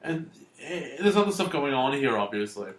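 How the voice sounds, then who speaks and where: Opinionated podcast co-host, lively pitch, roomy. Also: normal speed. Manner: opinionated, critical commentary. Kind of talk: casual chat.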